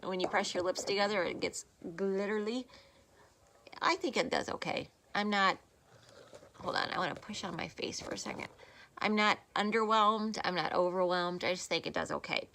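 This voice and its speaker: Chatty rambling woman with a gravelly voice. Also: medium pitch, moderate pace, pushed and bright, slight background noise. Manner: chatty, rambling, self-deprecating. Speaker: beauty vlogger. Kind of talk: casual makeup tutorial chat. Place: home room, filming on a phone. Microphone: phone camera.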